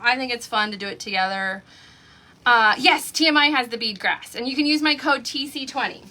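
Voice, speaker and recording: A woman's voice: a little high, brisk, sharp tone. A woman from Oklahoma, hosting a craft livestream and telling a story to her viewers in a chatty way, breaking into laughter often. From Oklahoma, USA. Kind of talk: casual chat on a livestream.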